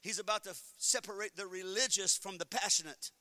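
High, bright-voiced male preacher. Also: brisk, no echo. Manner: animated preaching, swings from quiet to shouting; humorous storytelling with acted-out inner voices. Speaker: pastor. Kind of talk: sermon.

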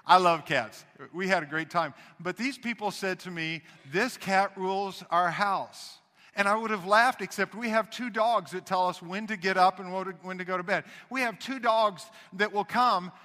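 A man preaching a sermon as pastor, talking conversationally and swinging between loud emphasis and hushed asides. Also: high-pitched, normal speed, big-room sound.

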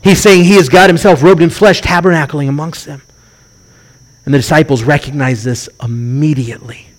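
A man's voice: fairly high pitch, normal speed. A middle-aged man, a rabbi, preaching a sermon and telling stories, acting out the voices he quotes. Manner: animated storytelling, acts out quoted voices.

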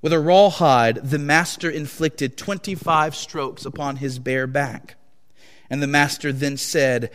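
A man's voice: a little high, steady tone, fairly bright tone. A male preacher telling a dramatic story in a sermon, in a solemn, weighty manner. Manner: slow, solemn and dramatic reading. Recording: long echo of a large hall.

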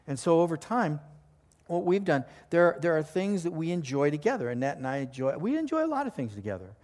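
A man's voice: a little high, very animated, brisk, a little mellow, long reverb tail. An older man preaching a sermon as a pastor, in a conversational, joking storytelling manner before a live congregation.

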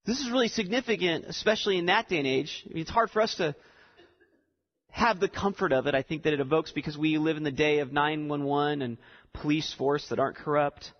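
Preaching a sermon, this brisk, slightly high-voiced man explains a text and climbs to forceful repeated lines. The audio is muffled and carries a long hall echo.

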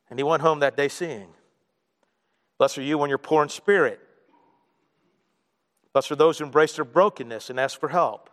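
A man preaching a sermon, telling stories in an animated way and dropping to a quiet voice for emphasis. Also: high-pitched, in a large hall. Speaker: pastor.

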